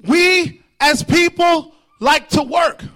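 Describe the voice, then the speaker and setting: A man preaching a fervent sermon in church, shouting and repeating his lines. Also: very high-pitched, slow pace.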